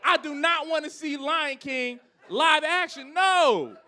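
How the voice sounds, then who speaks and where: High, bright-voiced man doing stand-up. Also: takes it slowly. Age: 30s. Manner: animated, ranting, shifts between loud outbursts and low asides. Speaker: stand-up comedian. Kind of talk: stand-up comedy set. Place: comedy club stage.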